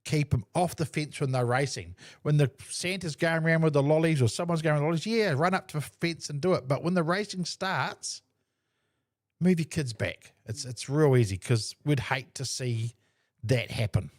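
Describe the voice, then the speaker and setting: A man's voice: a little high, normal speed, dry recording, studio quality. A man co-hosting a casual racing show, telling stories in an easygoing, earnest way. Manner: chatty storyteller, easygoing and earnest. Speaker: co-host. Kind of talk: casual podcast chat.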